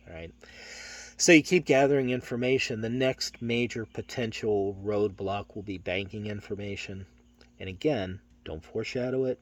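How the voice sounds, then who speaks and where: A middle-aged man training insurance telesales agents, talking through a phone script in a steady, matter-of-fact way and acting out the salesman's lines. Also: low voice, muffled recording.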